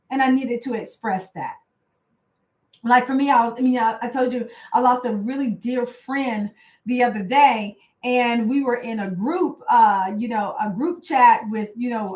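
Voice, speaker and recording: A woman life coach giving a casual, conversational motivational talk, often checking in with "right?" and "y'all". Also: on the high side. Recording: roomy echo.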